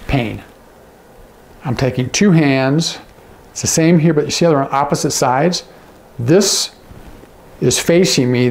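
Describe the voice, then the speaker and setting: A man's voice: mid-range voice, creaky. A man teaching sign language, patiently naming each word and checking in with the viewer. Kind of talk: instructional demonstration.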